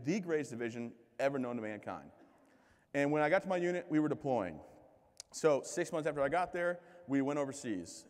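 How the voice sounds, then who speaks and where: Joking male keynote speaker in a reverberant hall. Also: mid-range voice. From United States. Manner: joking, self-deprecating storyteller. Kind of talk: comedic motivational keynote. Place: large event hall.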